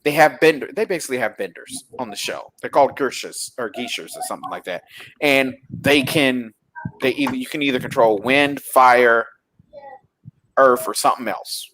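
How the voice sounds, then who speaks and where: A man's voice: medium pitch, animated, moderate pace, a bit bright, a little hiss or hum. A man co-hosting a casual chat about films and shows, teasing and rambling through asides. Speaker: podcast co-host.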